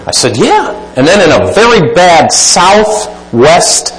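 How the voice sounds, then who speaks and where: Man giving a sermon, goes loud then quiet, high pitched, echoey church room. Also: very animated, takes it slowly, few pauses, slight background noise. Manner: emphatic, swings between loud exclaiming and quiet asides. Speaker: preacher.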